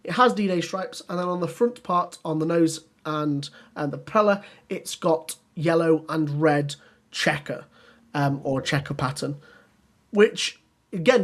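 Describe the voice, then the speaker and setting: A podcast co-host chatting casually and enthusiastically, with many ums and restarts. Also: medium pitch. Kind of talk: casual chat.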